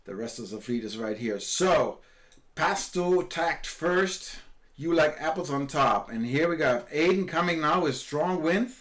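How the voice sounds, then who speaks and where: Brief: male esports race caster, a touch high-pitched, excitable, repeats calls. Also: moderate pace, few pauses. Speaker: esports sailing commentator. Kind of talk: live race commentary.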